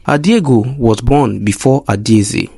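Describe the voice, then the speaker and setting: A man narrating a folk tale in an expressive, plain storytelling manner. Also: mid-range voice, a little slow, vocal fry, slightly rough, no room sound.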